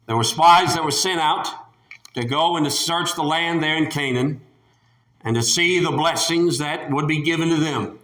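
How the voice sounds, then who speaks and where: A man delivering a sermon with a high, bright voice. He preaches emphatically and repeats his points. The room around him is echoey. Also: normal speed.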